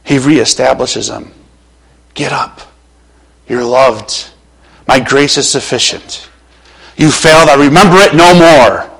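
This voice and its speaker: A man preaching a sermon in a somewhat high voice. He swings from loud, urgent calls to hushed, near-quiet lines, with a slight strain in his voice. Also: poor audio. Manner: impassioned preaching, swinging between loud urging and hushed lows. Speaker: pastor.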